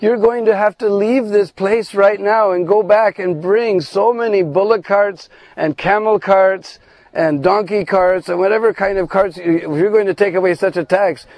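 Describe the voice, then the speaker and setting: A man's voice: high-pitched, darkish tone, no room sound, voice pushed up. Sarcastic young cowherd girl, put on by a man. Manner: mocking, sarcastic.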